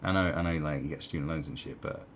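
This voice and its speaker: A man with a very low voice rambles through sarcastic opinion commentary, circling back with fillers and asides. His recording carries a faint hiss underneath. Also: fast talker.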